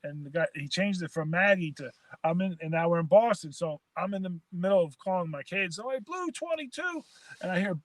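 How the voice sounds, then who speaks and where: A man with a high voice tells old football stories over a call from his car. He laughs as he goes, swears freely and trips over repeated words. The sound is dry and close, with almost no room. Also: fairly quick, no room sound. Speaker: former quarterback guest. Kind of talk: casual sports chat.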